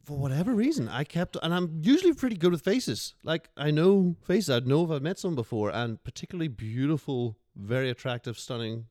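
A man's voice: fairly high pitch, a little fast, hardly any pauses, no echo, studio quality. Irish man telling a story. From Ireland. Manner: animated storyteller acting out quotes. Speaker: podcast guest. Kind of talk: casual storytelling.

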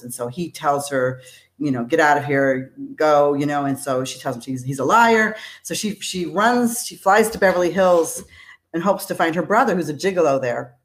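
A middle-aged woman, an actress guest, chatting casually and rambling with frequent laughs and restarts. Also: a bass voice. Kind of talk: casual interview chat.

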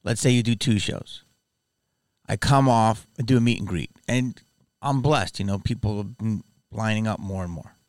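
This podcast host has a voice on the low side and talks at normal speed, with no room sound in the recording. In a casual chat he tells stories animatedly, laughing often.

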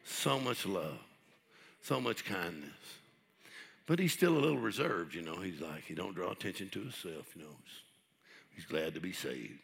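A middle-aged man pastor preaching a sermon, telling folksy stories and building up to shouted preaching. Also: low-pitched, expressive, moderate pace, creaky.

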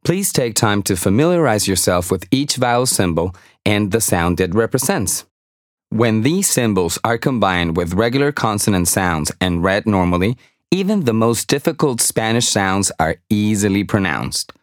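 Guy reading a language lesson, low voice that moves around a lot, slow and careful, dry studio sound. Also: lively intonation, dry recording. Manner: slow, carefully enunciated, prompting repetition. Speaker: language course narrator. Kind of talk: scripted instructional narration.

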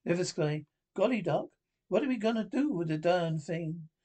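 A man's voice: high-pitched, lively intonation, moderate pace, mellow. An actor in 1930s radio acting, voicing a timid, frightened young male lab assistant with a whiny, folksy, pleading way of talking. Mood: worried.

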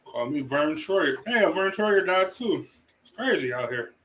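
A man's voice: on the high side, animated, unhurried, fairly bright tone, rough recording. A man from Cleveland hosting a podcast in casual chat, laid-back, joking and slangy. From Cleveland, Ohio, USA. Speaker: podcast host.

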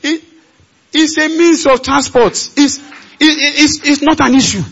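A Nigerian man preaching a sermon at a large conference, leading the congregation in call and response and building to shouts. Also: very high-pitched, fairly even intonation, measured pace, vocal fry, highs cut off. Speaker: pastor.

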